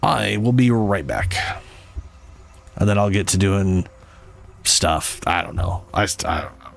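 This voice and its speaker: A man's voice: sits low, a little slow, vocal fry. A man streaming a co-op game, tossing out wry, playful asides as he plays. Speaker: gamer streaming co-op. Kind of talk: casual gaming commentary.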